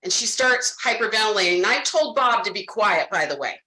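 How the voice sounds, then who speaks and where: A woman's voice: mid-range voice, lively intonation, fairly quick, bright, forceful tone, reverberant, low-quality recording. A woman training insurance salespeople, speaking animatedly and directly to her audience and acting out her conversations with clients. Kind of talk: sales training talk with role-played client dialogue.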